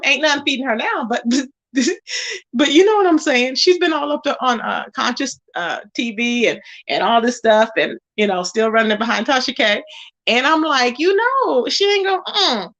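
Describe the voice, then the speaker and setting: A woman with a high, bright voice that has some edge to it, running a casual gossip livestream. She talks in a chatty, sassy way and greets viewers in the chat by name. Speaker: livestream host.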